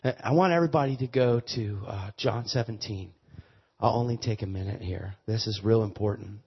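A man preaching a sermon with a personal testimony, stumbling and repeating words, then building to loud emphatic preaching. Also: fairly low pitch, a little fast, slightly rough, long reverb tail. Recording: muffled lo-fi sermon recording.

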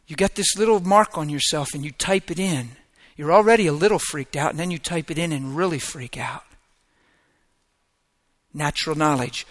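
A man preaching a sermon with an emphatic, repetitive cadence, swinging between hushed murmurs and rising, shouted exhortation. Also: fairly high pitch, moderate pace.

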